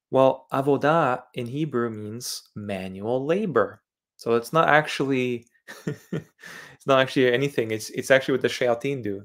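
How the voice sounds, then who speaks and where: A man from Eastern Europe holds forth on his livestream in a mid-range voice. He repeats key words several times over as he explains them, pressing each point insistently. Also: mid-range voice. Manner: insistent lecturing tone. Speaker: channel host. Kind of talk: livestreamed religious monologue.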